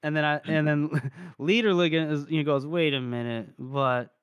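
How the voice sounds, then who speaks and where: Animated young man retelling a story. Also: a little high, normal speed, clean tone, dry recording, muffled recording. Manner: animated retelling, briefly acting out characters' lines, swears freely. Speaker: podcast co-host. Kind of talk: casual book-discussion chat.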